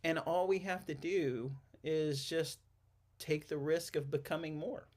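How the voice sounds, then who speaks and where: A man's voice: a little high, fairly even intonation, unhurried, darkish tone. A man hosting a podcast interview, talking casually with many fillers and restarts. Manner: rambling, frequent restarts and fillers. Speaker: podcast host and counselor.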